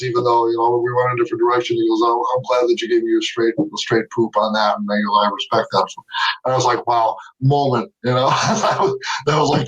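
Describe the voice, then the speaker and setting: A middle-aged man telling stories as a guest in a casual interview, animated, laughing often and acting out what others said. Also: mid-range voice, dull audio. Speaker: guest artist. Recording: distant from the mic.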